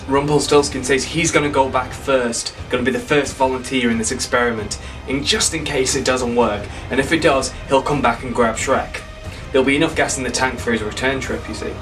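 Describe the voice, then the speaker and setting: A man's voice: medium pitch, brisk, fairly bright tone, distant mic, soft background music. A man retelling an imagined sequel in a casual, comic way, rambling and correcting himself with playful asides. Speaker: storyteller pitching a sequel.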